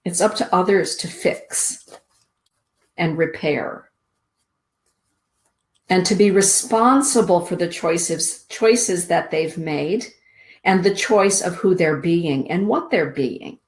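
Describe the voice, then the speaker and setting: A middle-aged woman hosting a spiritual show, reading oracle cards aloud in a soothing, deliberate way. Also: lowish voice. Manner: slow, soothing, deliberate delivery with drawn-out words. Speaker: host giving oracle card readings.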